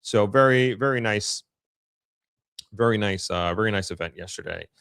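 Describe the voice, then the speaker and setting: A man's voice: fairly low pitch, moderate pace, vocal fry, a bit bright, clear, resonant tone, dry recording, studio quality. A man with a Long Island accent hosting a casual live stream, reading viewer comments aloud and answering them in an upbeat, chatty way. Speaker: livestream host reading chat.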